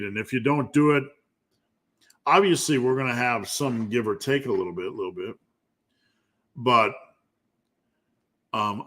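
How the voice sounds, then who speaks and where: A man's voice: mid-range voice, a bit bright. A man who coaches lifting, answering viewer questions on a live stream in a loose, joking way and thinking aloud as he goes. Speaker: strength coach and host.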